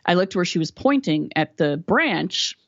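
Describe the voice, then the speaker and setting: A woman's voice: fairly low pitch, a little slow, no room sound, lo-fi sound. A woman from West Virginia, a podcast guest, telling a story and acting out the dialogue with energy. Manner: animated storyteller who acts out quoted dialogue. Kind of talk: storytelling in a casual interview.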